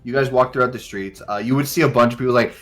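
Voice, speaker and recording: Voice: medium pitch, steady tone, racing, soft background music. A game master narrating a tabletop game, rambling and laughing, with many restarts.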